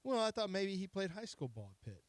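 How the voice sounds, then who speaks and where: A man's voice: high-pitched, very animated, brisk, no room sound. A man hosting a sports radio show, joking and teasing himself in casual studio banter. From Kansas, raised in Texas. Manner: joking, self-deprecating, laughs at himself. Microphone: studio microphone.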